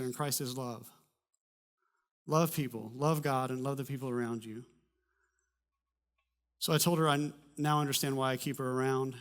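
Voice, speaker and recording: A pastor preaching a sermon, telling a personal story in a conversational way with humor and animated bursts. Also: male voice, medium pitch. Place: church.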